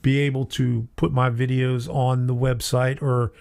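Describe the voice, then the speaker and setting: A man's voice: medium pitch, level tone, measured pace, gravelly, darkish tone. A middle-aged man hosting a casual hobby live stream, chatty, laughing often and reading viewer comments aloud. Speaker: host of a model train live stream.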